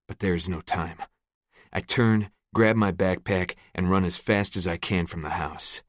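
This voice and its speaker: Male narrator, very low voice, dry close mic, gritty profane first-person read. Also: measured pace, no room sound. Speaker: audiobook narrator.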